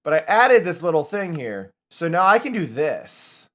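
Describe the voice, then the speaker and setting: A young man talks his way through a live game stream in a loose, rambling way, often breaking into laughter. His voice sits slightly high and swings widely in pitch, which makes his chatter sound animated. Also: normal speed. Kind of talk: casual live-stream chat while gaming.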